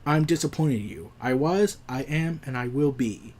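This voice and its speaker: A man voicing a calm, detached godlike male superbeing from a comic, speaking low, quiet and measured. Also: natural voice.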